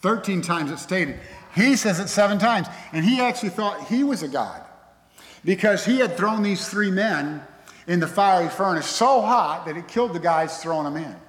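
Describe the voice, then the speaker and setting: A pastor preaching a sermon in an emphatic, conversational way, from a church sanctuary. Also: male voice, high voice, lively intonation, normal speed. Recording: echoey hall with long reverb.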